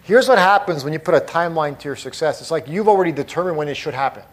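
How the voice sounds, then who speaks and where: A man's voice: a little high, animated, racing. A middle-aged man giving a live motivational talk, emphatic and punchy, hammering points home through repetition. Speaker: motivational speaker.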